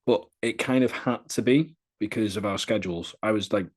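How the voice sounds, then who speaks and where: A young man talking casually as a podcast guest, telling stories in a lively, chatty way. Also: fairly low pitch, normal speed. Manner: lively, chatty storyteller, often laughing. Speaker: interviewee.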